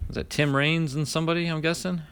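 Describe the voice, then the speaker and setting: This card-opening vlogger talks fast in a fairly high, flat voice that's fairly bright, clear, and resonant. As he opens a pack, he reads every name aloud in a running, chatty list and speaks to live viewers by name.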